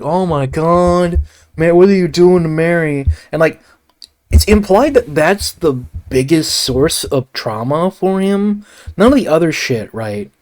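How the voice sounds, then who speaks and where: A man's voice: fairly high pitch, darkish tone. A man rambling casually through a film review, swearing often and breaking off into asides. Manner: rambling, profane, frequent restarts and asides.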